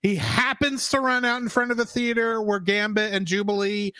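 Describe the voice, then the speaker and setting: A man's voice: high voice, normal speed, clean tone, no echo. A man co-hosting a podcast in casual chat, ranting at length. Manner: ranting, animated. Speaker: podcast co-host.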